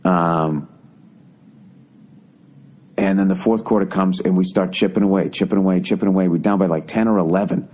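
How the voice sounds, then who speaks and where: A middle-aged man hosting a podcast, telling a story as a profane comedic rant that swings into loud, exasperated outbursts. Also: sits low, fairly even intonation, normal speed, pauses often. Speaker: podcast host.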